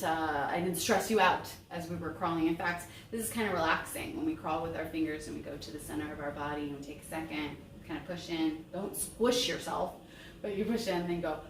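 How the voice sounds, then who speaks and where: A woman's voice: on the low side, a bit bright, distant mic, slight background noise. A woman giving a voice lesson in an upbeat, encouraging way. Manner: upbeat and encouraging, sings examples. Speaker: voice teacher. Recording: roomy, mic set back, faint ambience.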